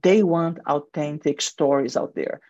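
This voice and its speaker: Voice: medium pitch, measured pace, a little mellow, dry recording. A guest in marketing and advertising speaks earnestly in a radio interview with a heavy accent and frequent restarts. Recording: dull lo-fi radio sound, dry.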